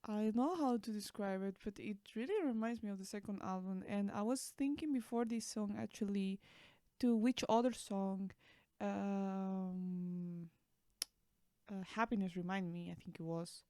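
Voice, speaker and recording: Female music vlogger in her twenties, excitable and rambling, close dry sound. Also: medium pitch, normal speed, no echo. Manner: gushing, excitable, rambling with fillers and restarts. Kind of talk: casual album reaction.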